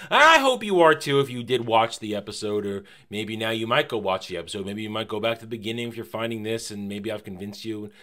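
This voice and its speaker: Male reviewer, casual and emphatic, with a bright, forward tone. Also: mid-range voice. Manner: animated and emphatic, fond of repeating phrases; casual, with mild swearing. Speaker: TV series reviewer.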